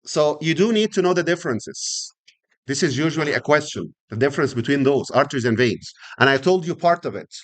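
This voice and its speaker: Animated and fairly quick, this middle-aged male lecturer has a fairly high voice. He teaches anatomy classroom-style, often asking students questions and repeating important terms.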